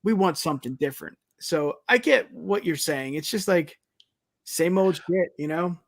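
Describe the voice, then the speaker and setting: A man's voice: fairly high pitch, expressive, normal speed, vocal fry, no echo, studio quality. A man co-hosting a podcast in casual chat, leaning on fillers like "you know". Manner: conversational, leans on fillers like "you know" and "it's just like". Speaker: podcast co-host.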